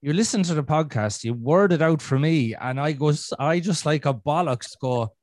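A man's voice: a little high, expressive, normal speed, darkish tone, no echo, clean studio sound. An Irish man hosting a podcast in casual chat, rambling with frequent restarts and swearing. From Ireland. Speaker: podcast host.

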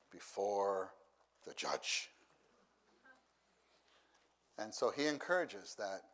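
A middle-aged man delivering a sermon in a fairly low voice. He talks slowly and deliberately, going back over his key phrases to drive them home. His tone stays measured and unhurried throughout. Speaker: preacher.

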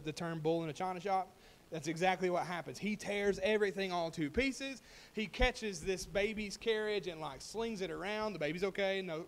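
A man preaching a sermon, telling a story and building to emphatic, rising points. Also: sits high. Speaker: pastor.

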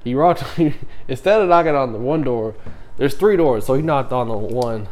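A man's voice: mid-range voice, animated, normal speed, darkish tone. A man telling army stories in casual chat, swearing freely and laughing as he talks. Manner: profane, laughs through his stories.

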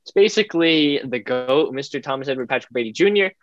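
A young man from California, co-hosting a podcast with measured, mock-formal reasoning. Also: mid-range voice, expressive, no room sound. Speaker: podcast co-host. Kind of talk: casual chat. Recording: dull lo-fi mic.

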